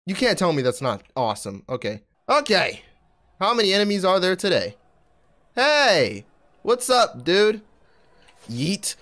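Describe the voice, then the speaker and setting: Young dude yelling at a game, high voice, swings way up and down. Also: male voice, a little slow, pauses often. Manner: excitable, trash-talking, swings from mumbling to shouting. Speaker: gaming YouTuber. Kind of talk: gameplay commentary.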